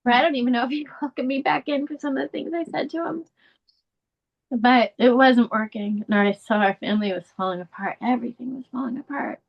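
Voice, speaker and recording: A woman's voice: a little fast, gravelly, highs cut off. A middle-aged woman speaking candidly as an interview guest, telling a painful family story in an earnest, emotional way. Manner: earnest, candid, rising pitch when emotional. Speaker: guest, bereaved mother and advocate.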